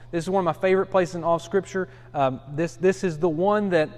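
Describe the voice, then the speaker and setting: A man's voice: high voice, fairly even intonation, fast, few pauses, a little mellow. A man in his thirties, a pastor teaching a Bible study in a conversational, self-deprecating way with frequent restarts. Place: church study. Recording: long hall reverb.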